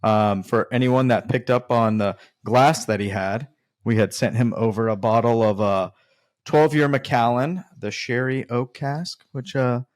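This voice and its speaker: A man's voice: medium pitch, steady tone, a little slow. A man hosting a podcast, speaking in a friendly way while thanking a guest. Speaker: podcast host. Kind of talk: casual podcast chat.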